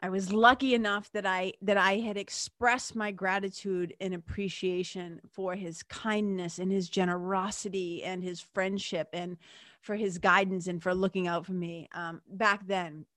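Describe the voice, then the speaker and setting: With a steady, fairly bright mid-range voice at a moderate pace, a woman hosts a show and recounts a personal story in a casual monologue. She's chatty and emphatic, speaks directly to listeners, and uses many fillers like "like" and "you know." The sound is clean studio audio with no echo.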